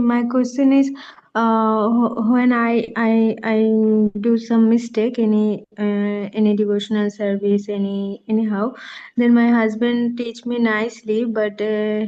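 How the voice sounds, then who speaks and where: A hesitant woman caller asks her question slowly, in a flat, mellow, slightly high voice. Her line sounds dull and muffled. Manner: hesitant, halting with many fillers.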